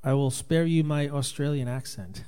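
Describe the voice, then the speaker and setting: Greeting viewers by name and reading their comments, a Rhode Island man who is a touring Christian musician hosts a casual, loosely rambling livestream. His mid-range voice is steady, mellow, clear and resonant at normal speed, though tired and worn out from touring.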